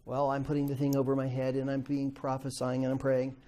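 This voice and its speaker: A man's voice: medium pitch, monotone, fairly quick, dark tone. A middle-aged man teaching a Bible class in a conversational way, asking the class questions and acting out quoted voices.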